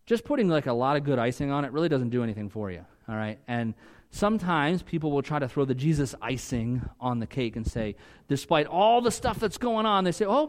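Conversational male pastor preaching a sermon. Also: fairly high pitch. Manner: conversational, swings from loud emphatic peaks to quiet asides.

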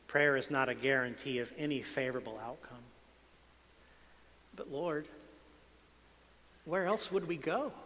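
A male pastor preaching a sermon, swinging between quiet asides and loud emphatic lines. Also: mid-range voice. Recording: long hall reverb.

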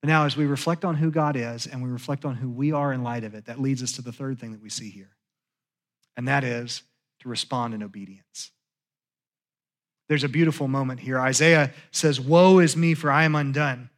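A man preaching a sermon as pastor in a church, talking conversationally and sinking to hushed tones for confessions. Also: medium pitch, brisk. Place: church sanctuary.

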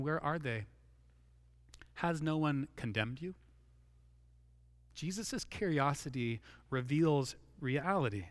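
A middle-aged man preaching a sermon, earnest and repetitive, dropping low and slow to stress his key phrases. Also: a bit bright, dry recording. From Washington state. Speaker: pastor.

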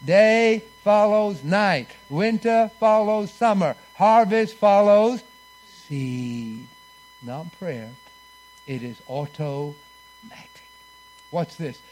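A man preaching a sermon, leading the congregation in call-and-response and swinging between booming lines and hushed ones. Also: slow pace.

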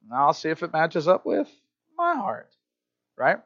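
A high-pitched male pastor preaching to his congregation. He tells stories in a chatty, self-deprecating way and often restarts his sentences. The recording is dull and lo-fi, taken in a church. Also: huge pitch swings, measured pace, a bit bright. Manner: conversational, self-deprecating storytelling with frequent restarts. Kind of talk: sermon. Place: church sanctuary.

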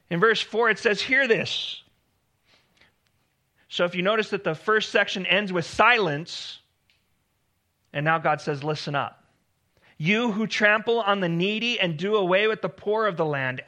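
A man's voice: high voice, sharp tone. A man preaching a sermon, earnest and emphatic, repeating key phrases for weight. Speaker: pastor.

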